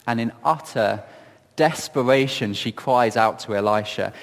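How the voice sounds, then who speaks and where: A man giving reflective Bible teaching in a gentle, earnest storytelling manner, often asking questions of his listeners. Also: medium pitch, unhurried, gravelly, in a large hall. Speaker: preacher.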